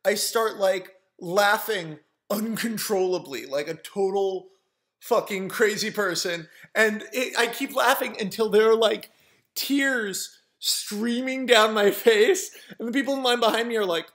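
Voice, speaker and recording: A man's voice: high voice, unhurried, a bit bright. A man casually telling a funny story to camera, rambling with many fillers and often laughing. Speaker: vlogger.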